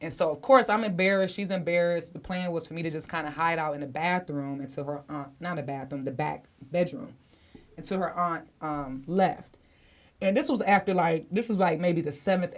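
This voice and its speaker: A woman co-hosting a podcast, telling a personal story in a blunt, candid, casual way, swearing freely and talking straight to the listeners. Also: on the low side. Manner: conversational, speaks directly to listeners. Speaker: podcast co-host.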